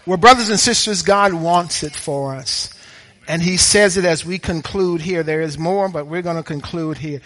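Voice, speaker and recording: A man's voice: fairly high pitch, moderate pace, a bit bright, faint music behind. A man preaching a sermon with an emphatic, repetitive cadence, throwing rhetorical questions to the congregation in a church.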